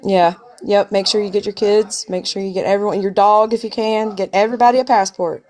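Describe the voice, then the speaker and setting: A woman's voice: medium pitch, fairly even intonation, brisk, a little mellow. A woman co-hosting a casual live stream, trading teasing, giggly banter with her partner.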